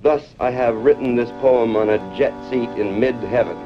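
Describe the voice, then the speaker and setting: A man's voice: medium pitch, normal speed, music in the background. A man reading his own poem aloud in a declamatory, chant-like cadence. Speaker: poet. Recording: dull lo-fi old recording.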